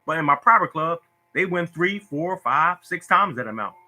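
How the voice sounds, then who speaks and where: A man's voice: on the high side, expressive, moderate pace, sharp tone. A man hosting a casual phone livestream about lottery tips, talking in a preachy, repetitive, emotional way. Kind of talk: casual Facebook live talk.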